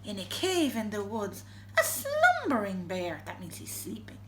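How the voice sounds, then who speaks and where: A woman reading a picture book aloud to her children, animated, gasping and asking them questions. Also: mid-range voice, unhurried, echoey room, a little hiss or hum. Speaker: parent reading to her boys.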